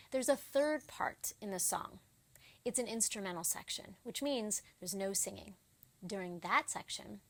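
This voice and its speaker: A woman teaching children a rhythm lesson, speaking slowly and clearly in a gentle, encouraging way. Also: mid-range voice. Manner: gentle, encouraging, counts beats aloud. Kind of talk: slow, clear instruction for children.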